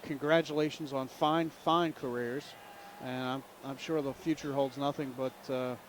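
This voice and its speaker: A man calling a local high school basketball game in a chatty play-by-play style, with faint noise behind him. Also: fairly even intonation, moderate pace. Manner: chatty, jokey, calls the plays. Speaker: play-by-play announcer. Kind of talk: local sports commentary.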